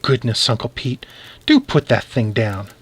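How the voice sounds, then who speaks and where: A man voicing a gentle, anxious tiny mother who frets softly. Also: mid-range voice, huge pitch swings, measured pace, slightly rough, exaggerated voice. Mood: fretful.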